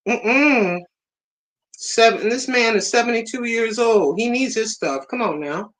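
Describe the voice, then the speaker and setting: A woman from Puerto Rico hosting a casual livestream chat, talking in an excited, effusive way and repeating herself. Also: a little high, a little slow. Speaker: livestream host.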